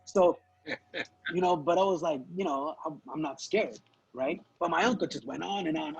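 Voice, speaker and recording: A man's voice: on the high side, normal speed, husky, low-quality recording. A man co-hosting a podcast, telling a story in casual chat, swearing freely and acting out his relatives' lines. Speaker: podcast co-host.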